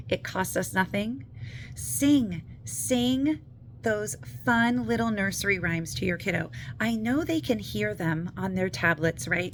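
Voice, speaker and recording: A woman teacher speaks to parents in an upbeat, encouraging way, leaning on the words that matter. Her voice sits at an ordinary middle pitch. A faint hum of background noise runs under her talk. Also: a bit bright. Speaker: reading teacher.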